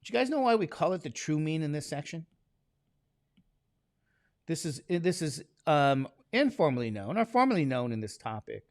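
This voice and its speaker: A man's voice: a little high, very animated, moderate pace, no room sound, studio quality. A man teaching statistics to a classroom, talking casually and constantly quizzing his students with questions. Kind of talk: classroom lecture.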